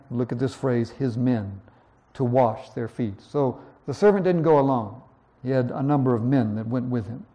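A man preaching verse by verse, reading scripture slowly and then explaining it in a conversational way. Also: medium pitch, mellow. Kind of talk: verse-by-verse Bible teaching.

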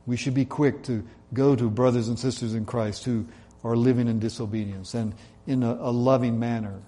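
A man preaching a sermon in an earnest way, slowing down and dropping his voice to stress key points. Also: mid-range voice, steady tone, dark tone. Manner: earnest, slows and drops his voice for emphasis. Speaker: pastor.

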